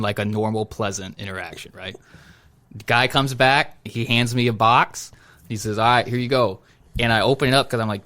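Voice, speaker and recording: Casual male podcast host, bright edge to the voice, animated storyteller. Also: lowish voice. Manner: animated storytelling, acts out quoted exchanges; says "dude" and "bro" a lot. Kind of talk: casual chat.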